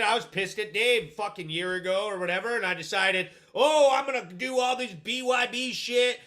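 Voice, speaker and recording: A young man hosts a live stream and rants hard, swearing constantly as he tears into a promotion and reads out his chat. His voice sits high and comes out bright and sharp. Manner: profane, heated ranting. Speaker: host. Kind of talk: livestream rant reacting to chat.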